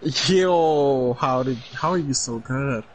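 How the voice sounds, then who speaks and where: A young man in casual gaming chat, excitable and teasing, full of loud exclamations. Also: mid-range voice, normal speed, slight background noise. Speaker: gamer playing with a friend.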